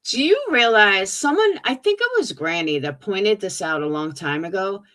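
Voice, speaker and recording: A woman's voice: mid-range voice, sing-song, moderate pace, a bit bright. A woman streamer giving sarcastic, mocking commentary on clips.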